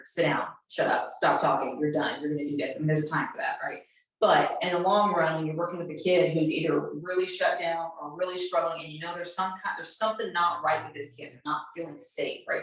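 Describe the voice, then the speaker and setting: Woman lecturing in a very echoey room. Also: on the low side. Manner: acts out sample dialogues with students, direct. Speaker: workshop presenter. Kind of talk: teaching workshop for educators. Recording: very echoey room, voice distant from mic.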